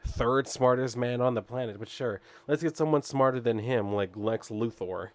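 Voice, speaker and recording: A man talking through a comic book issue in a loose, rambling way, leaning on "like" and "I guess" while chuckling at the story. His voice sits at an ordinary mid pitch for a man, and the delivery is casual and unscripted. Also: normal speed.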